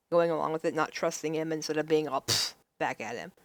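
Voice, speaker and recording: A woman's voice: sits low, animated, normal speed, creaky, hardly any pauses, bright, forceful tone, no echo. A woman in her thirties streaming a game, making giggly, playful asides between lines. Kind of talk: casual game commentary.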